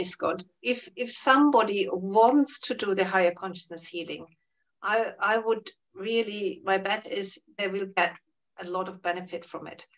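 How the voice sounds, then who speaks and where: Woman, therapist-teacher, calm explainer, medium pitch, slightly off-mic. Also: distant mic, poor audio. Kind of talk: interview answers.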